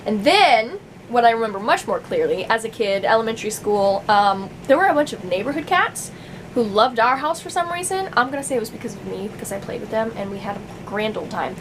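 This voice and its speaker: A woman's voice: a little high, very animated, a little fast, slight background noise, low-quality recording. A young adult woman vlogging in casual chat to camera, rambling with many fillers and frequent laughs.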